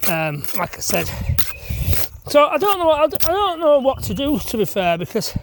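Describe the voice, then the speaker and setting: This man's voice is very high-pitched with big swings in pitch, and he talks at normal speed. He rambles self-deprecatingly to the camera as he lays blocks at an outdoor building site, casually vlogging while working. The outdoor recording is noisy.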